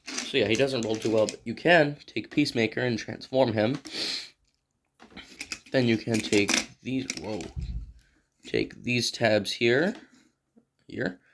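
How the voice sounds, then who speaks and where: A man's voice: mid-range voice, background noise. Rambling man reviewing a toy. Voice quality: clears throat often. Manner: rambling and unscripted, thinks aloud while handling a toy. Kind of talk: casual toy review vlog.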